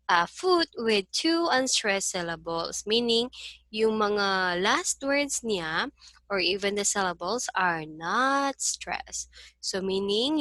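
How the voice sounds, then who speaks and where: A woman teacher with a Filipino accent giving a slow lecture on poetry, saying "so" and "okay" often and mixing English with Tagalog. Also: mid-range voice, fairly bright tone, dry recording. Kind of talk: recorded class lecture.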